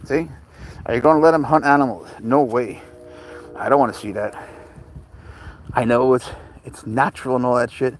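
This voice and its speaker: A man's voice: mid-range voice, normal speed, long pauses, slight background noise. Chatty man livestreaming from a park. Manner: rambling, chatty, answers viewer questions. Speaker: livestream host walking his cat. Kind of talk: casual livestream chat. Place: outdoors in a park.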